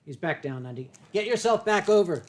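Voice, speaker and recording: An older American man hosts a casual livestream, chatting while drinking wine, his high voice expressive and fairly quick. He rambles and jokes, full of fillers and restarts.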